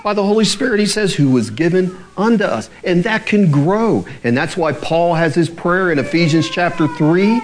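A man preaching a sermon in an earnest way, slowing down and dropping his voice low when he reads scripture, with light laughs between points. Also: animated, slight background noise. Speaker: pastor.

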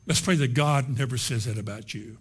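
A man's voice: medium pitch, a little fast, husky. A middle-aged man preaching a sermon in an emphatic, repetitive, folksy way.

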